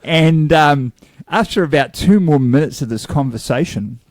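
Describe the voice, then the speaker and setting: Casual podcast co-host, man, lively storyteller, dead dry mic. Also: on the high side, normal speed, no echo. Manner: animated storyteller, acts out quotes.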